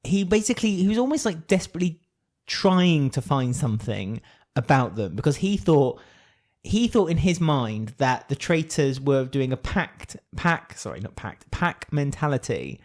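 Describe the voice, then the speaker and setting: A man's voice: on the high side, animated, moderate pace, darkish tone. A man co-hosting a podcast, chatting animatedly, laughing often and acting out quotes. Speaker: podcast co-host. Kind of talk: casual chat.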